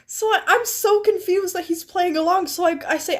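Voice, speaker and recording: Giggly high-voiced woman streamer. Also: fairly quick, few pauses. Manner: animated, giggly, retells chats with quoted lines. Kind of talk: casual storytelling while gaming.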